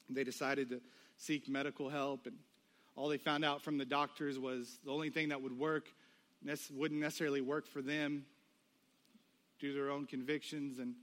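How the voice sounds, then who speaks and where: A man preaching a sermon, telling a personal story and acting out the voices of the people in it. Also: medium pitch. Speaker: pastor.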